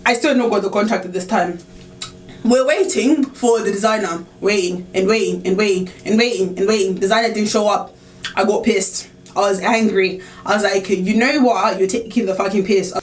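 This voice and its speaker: A young woman telling a storytime vlog, animated and indignant, with filler chatter and swearing. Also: medium pitch, normal speed. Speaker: vlogger. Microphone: camera on tripod.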